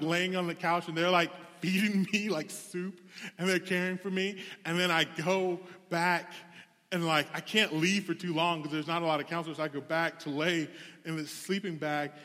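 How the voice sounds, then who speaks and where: A man's voice: high-pitched, a bit bright. A young adult man preaching a sermon, telling a personal story in a conversational, candid way. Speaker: pastor. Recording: long hall reverb.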